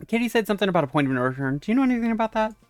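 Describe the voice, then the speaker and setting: A man's voice: high voice, big pitch swings, rapid-fire, smooth, no room sound, voice pushed up. A man reading the lines of an anxious young woman police officer in a game, in an uneasy, questioning way.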